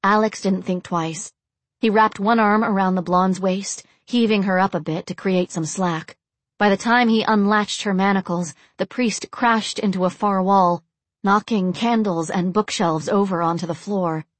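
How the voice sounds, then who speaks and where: A woman reading a novel aloud in steady, measured narration. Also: mid-range voice, dry recording. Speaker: audiobook narrator. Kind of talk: scripted narration.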